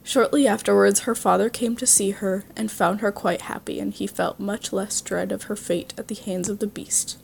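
A woman's voice: mid-range voice, steady tone, moderate pace, gravelly, few pauses, a little mellow, slight background noise. Woman reading a fairy tale aloud. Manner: engaging, asks the listener questions. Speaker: storyteller.

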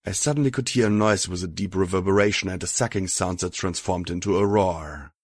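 A man narrating an audiobook in a steady first-person reading. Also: low voice, a little fast.

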